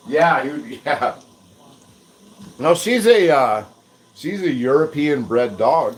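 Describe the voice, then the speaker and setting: Speaking slowly and pausing often, an American man with an animated mid-range voice hosts a live cooking stream. He rambles casually and self-deprecatingly, often chuckling. The audio is poor with slight background noise.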